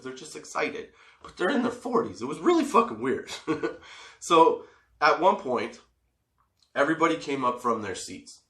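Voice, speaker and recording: A man in his forties telling a story for a comedy podcast, swearing freely and laughing as he goes. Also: medium pitch. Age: 40s. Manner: profane, animated storyteller who laughs often. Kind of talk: casual storytelling. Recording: roomy echo.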